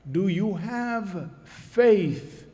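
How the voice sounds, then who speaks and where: A man voicing God speaking from the clouds, slow and solemn. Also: high voice, dark tone. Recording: long church reverb.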